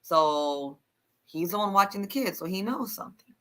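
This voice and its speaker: A woman's voice: mid-range voice, expressive, moderate pace, a bit bright. A woman co-hosting a live TV recap, casual and blunt, stressing her points with emphatic reactions. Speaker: show co-host.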